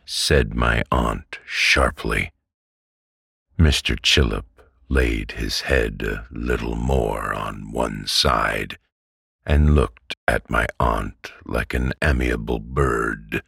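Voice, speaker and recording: A man reading a classic novel aloud as a calm, unhurried bedtime story. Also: very deep voice, vocal fry, slightly rough, no echo, studio quality. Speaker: audiobook reader.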